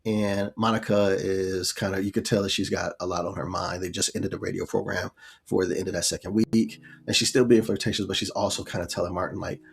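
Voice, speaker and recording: A man's voice: low voice, fairly even intonation, a little fast, creaky, breathy edge. A man retelling a sitcom episode in a laid-back, rambling way, full of fillers and little acted quotes. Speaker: show reviewer. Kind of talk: casual episode recap.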